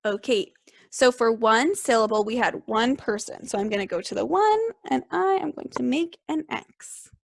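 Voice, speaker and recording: A young woman teaching a second grade class remotely, upbeat, clear and encouraging as she speaks to small children. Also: on the high side, animated, moderate pace.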